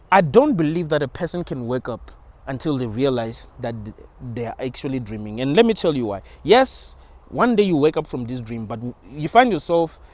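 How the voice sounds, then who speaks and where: A man's voice: mid-range voice, a little mellow. A young man talking in a rambling, informal monologue about spirituality, with slang and frequent restarts. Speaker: channel host.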